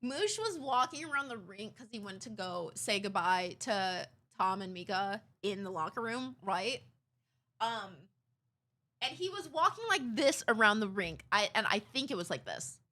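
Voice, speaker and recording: A woman's voice: mid-range voice, moderate pace. A woman livestreamer chatting casually to her viewers, telling stories with playful impressions and swearing freely. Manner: animated storytelling with playful impressions. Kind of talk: casual chat to a live stream chat.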